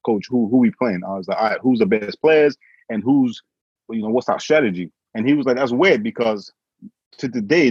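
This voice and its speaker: Husky man telling a lively story. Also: medium pitch, dry recording. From England. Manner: animated, quotes others with voice changes. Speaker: guest. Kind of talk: casual storytelling in a conversation. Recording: dull, dry sound.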